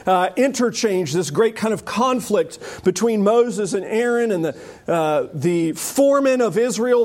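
A man preaching to his congregation with a high voice. He talks in an animated, joking way and slips into quoted voices as he explains the text. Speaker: pastor. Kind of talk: sermon.

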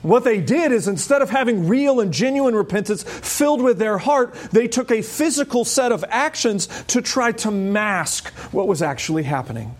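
A man preaching an expository sermon, emphatic, with wry asides and high urgent peaks on key points. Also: lively intonation, normal speed, few pauses. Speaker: pastor.

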